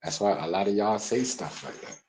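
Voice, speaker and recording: A young man, live-streaming a heated, repetitive rant that swings from loud outbursts to low mutters. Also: brisk, rough recording. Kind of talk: ranting live-stream commentary.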